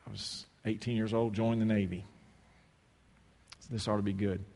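A man's voice: lowish voice, little pitch movement, normal speed. Man preaching in a reverberant hall. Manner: storytelling with humor and sudden shouted quotes. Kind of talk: sermon with personal story.

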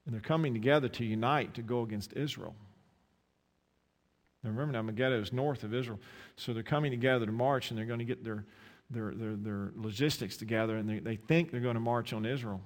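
Man, Eastern North Carolina accent, impassioned sermon, repeated restarts, echoing church hall. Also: mid-range voice. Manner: impassioned, repetitive restarts, dramatic pauses. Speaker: preacher. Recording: long hall reverb.

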